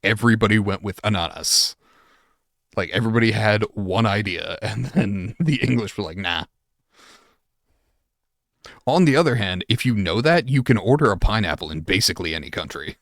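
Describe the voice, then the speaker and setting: A man's voice: lowish voice, animated, fairly quick, gravelly, fairly bright tone, no echo, clean studio sound. A man chatting casually on a live stream, reading chat aloud and answering with swearing and laughter.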